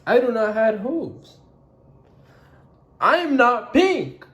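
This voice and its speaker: A man voicing a gentle, worried elephant in a storybook read-aloud, in a raised, plaintive voice. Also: high voice, sing-song, unhurried, roomy sound, slight background noise, voice pushed up. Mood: sad.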